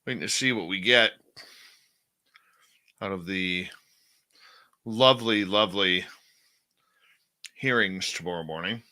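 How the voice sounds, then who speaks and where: A man hosts a casual online radio show, chatting loosely with listeners and dropping sarcastic asides. His voice sits a bit low but sounds bright and forward. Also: a little slow, pauses often. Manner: sarcastic, chatty, eating while talking. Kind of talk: casual chat with live chat readers.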